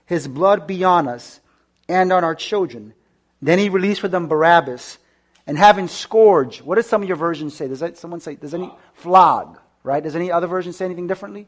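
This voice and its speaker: In a voice that sits high, a man preaches a sermon, reading scripture aloud and putting questions to his listeners. He repeats key words for emphasis and frequently stammers and restarts.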